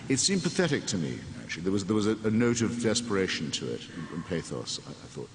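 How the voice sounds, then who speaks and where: A man's voice: low voice, big pitch swings, fast, hardly any pauses. A man, a sardonic guest talking on stage in a wry, digressive way. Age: 60s. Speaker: interview guest. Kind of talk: onstage conversation before an audience. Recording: echoey hall, faint room noise.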